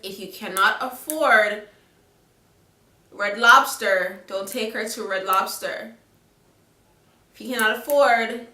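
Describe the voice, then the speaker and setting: Bright-voiced Jamaican woman vlogging casually. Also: medium pitch. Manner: chatty, frank, asks the viewers "okay?". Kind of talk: casual advice chat to camera. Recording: roomy echo, a little far from the mic.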